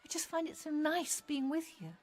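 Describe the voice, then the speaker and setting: A woman voicing a soft-spoken, wistful teenage schoolgirl in an audio drama reading. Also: high-pitched, animated, normal speed, faint music behind, voice pushed up.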